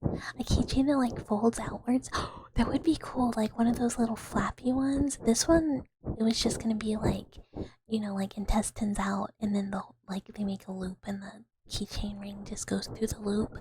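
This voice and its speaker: A woman streamer chatting in a soft ASMR whisper, rambling and giggling with many fillers. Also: medium pitch, fairly even intonation, normal speed, a little hiss or hum, poor audio.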